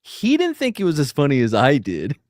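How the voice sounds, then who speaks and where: A man's voice: fairly high pitch, huge pitch swings, fairly quick, a little mellow, no echo, clean studio sound. A male podcast co-host telling stories casually, restarting sentences and swearing along the way. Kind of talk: casual storytelling.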